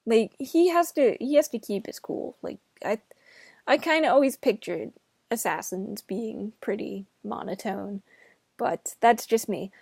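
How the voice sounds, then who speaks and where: Slow-talking chatty young woman from New Jersey. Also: on the high side, lively intonation, vocal fry, darkish tone, slightly rough, dry recording, clean studio sound. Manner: chatty, rambling, hedging asides. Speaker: vlogger reviewing a film. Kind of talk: casual film review chat.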